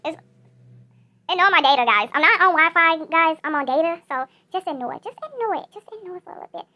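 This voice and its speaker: A woman's voice: extremely high pitch, expressive, fast talker, lo-fi sound. A female YouTuber chatting casually over mobile gameplay, repeating herself and talking straight to her viewers.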